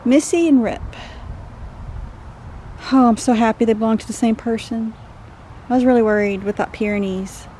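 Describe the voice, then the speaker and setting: A Texan woman with a somewhat high-pitched voice talks casually into a phone outdoors. She coaxes dogs softly and chats easily to her viewers. Faint outdoor noise sits behind her. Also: moderate pace, long pauses. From Texas. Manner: soothing and coaxing with the dogs, chatty and relieved to camera. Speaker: vlogger. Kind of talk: casual vlog narration. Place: outdoors in heat on rural property.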